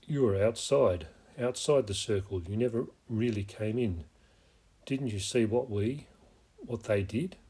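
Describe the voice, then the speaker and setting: A man voicing a shaken boy leader who speaks low and stricken. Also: a little slow, warm tone, breathy edge.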